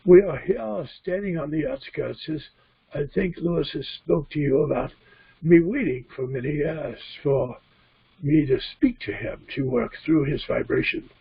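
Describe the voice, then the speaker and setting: A man voicing a calm male spirit guide that speaks through him, measured and solemn, on a dull, dry computer recording. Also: a little high, gravelly, husky, pitched above the performer's own voice, full character voice. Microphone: computer mic.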